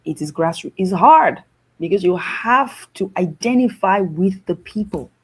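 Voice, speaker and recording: A woman from Nigeria talks as a guest, lively and quick to laugh. Her voice is husky, with a breathy edge that never quite goes away. She sits at a middle pitch for a woman. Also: rough recording. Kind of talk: animated storytelling talk.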